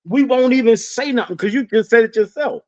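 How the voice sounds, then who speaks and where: Podcast co-host, man, fairly high voice, lively, swears freely, lo-fi sound. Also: brisk. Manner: animated storytelling, swearing, laughing often. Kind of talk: casual chat. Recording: dull lo-fi sound.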